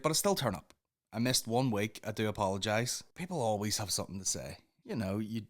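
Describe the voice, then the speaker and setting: A man hosting a solo comedy podcast, swearing freely and breaking into mimicked voices. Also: lowish voice. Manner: profane, excitable, mimics voices mid-story. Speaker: podcast host.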